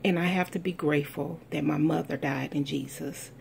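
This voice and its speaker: A middle-aged woman from the United States giving an earnest, heartfelt testimony, telling a family story with slow, deliberate emphasis. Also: sits low, steady tone, creaky, darkish tone, a little hiss or hum. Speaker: speaker sharing a personal testimony.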